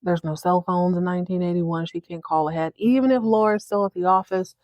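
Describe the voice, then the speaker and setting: A woman host chatting casually through a TV episode recap, slangy and animated. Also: on the low side, fairly quick, no echo. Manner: chatty, slangy, acts out characters. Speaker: podcast host.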